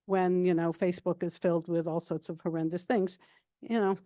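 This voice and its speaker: An older retired woman, a guest speaker answering audience questions in a calm, level, chatty way with many fillers. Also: on the low side, a little fast, dry recording, clean studio sound. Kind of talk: casual Q&A answers.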